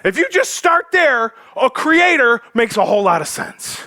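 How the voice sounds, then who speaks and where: A man's voice: very high voice, sing-song, moderate pace, few pauses, bright, forceful tone, no echo. A male pastor preaching a sermon in a church, joking with the congregation in a loose, conversational way full of fillers.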